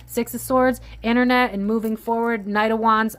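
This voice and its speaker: A woman's voice: mid-range voice, steady tone, a little fast, hardly any pauses. A woman doing a casual psychic tarot reading, musing aloud and voicing what she senses, with frequent restarts and trailing phrases. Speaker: tarot reader.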